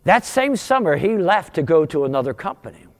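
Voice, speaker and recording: A man in his sixties from outside Philadelphia, telling his conversion story as a sermon testimony, with animated, storytelling delivery. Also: fairly quick, long reverb tail. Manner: animated storytelling, wide pitch swings, rising for punchlines. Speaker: guest speaker giving testimony.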